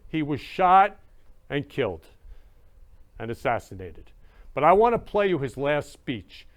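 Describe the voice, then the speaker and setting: A man hosts a show in a loose, casual monologue. His voice sits a little high. He gushes and circles back to the same warm phrases again and again. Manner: effusive and repetitive, gushing about love. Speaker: show host.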